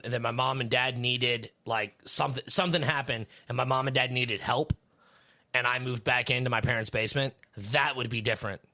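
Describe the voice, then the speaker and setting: A man's voice: mid-range voice, pushed and bright. A man co-hosting a podcast, chatting casually in a rambling way, with lots of fillers and swearing. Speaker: podcast co-host; third shift worker.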